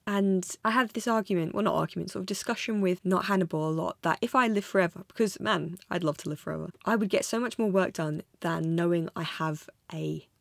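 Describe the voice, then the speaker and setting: Gravelly, low-voiced young woman vlogging. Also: fast talker, hardly any pauses, dry recording, clean studio sound. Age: 20s. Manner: rambling and self-deprecating. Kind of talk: reflective vlog monologue. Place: a room, talking alone.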